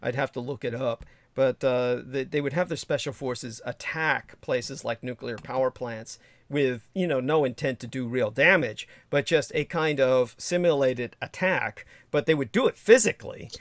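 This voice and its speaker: A man's voice: mid-range voice, moderate pace, dry recording. A sleep-deprived man hosting a casual livestream chat, rambling with lots of fillers and restarts. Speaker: livestream host.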